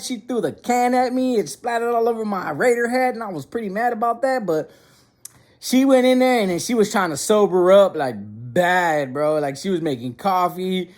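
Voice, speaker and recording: A man's voice: sits high, lively intonation, normal speed. Slangy young man rambling through a story. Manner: slangy, rambling, repeats words and restarts often. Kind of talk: casual storytime monologue.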